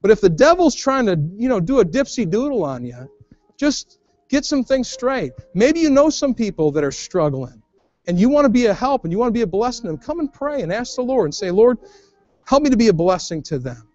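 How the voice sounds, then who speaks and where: A man preaching in church with a very high-pitched voice, folksy and plain-spoken, with words that often repeat and restart. The recording is dry and a little muffled. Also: big pitch swings, brisk, darkish tone, no echo. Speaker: pastor. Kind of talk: evangelical sermon. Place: church sanctuary.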